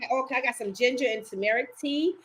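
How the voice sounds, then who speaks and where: An older woman with a Baltimore accent, casually chatting and laughing as a podcast co-host, her voice worn down and going hoarse. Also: fairly high pitch, quick pace, a little hiss or hum. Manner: laughing, animated, teasing. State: losing her voice. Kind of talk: casual chat.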